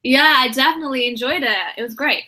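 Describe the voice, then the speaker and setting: Bright-voiced easygoing woman guest. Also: sits high, fast, poor audio. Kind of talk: casual chat over video call. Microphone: video call.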